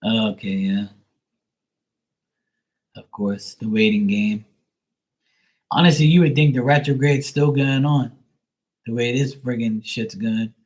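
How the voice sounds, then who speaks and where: A man in the middle of his pitch range talks loosely on a live stream, rambling from one thought to the next. He fills his talk with "you know" and "like" and tells stories with animation. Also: takes it slowly, pauses often, a little mellow, low-quality recording. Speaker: tarot reader and live-stream host. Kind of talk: casual live-stream chat.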